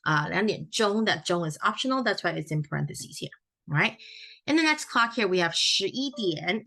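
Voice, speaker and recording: A woman teaching a Chinese grammar lesson in a recorded walkthrough. Her voice is low-pitched but bright, and her explanations are friendly and patient. She corrects her own slips out loud as she goes.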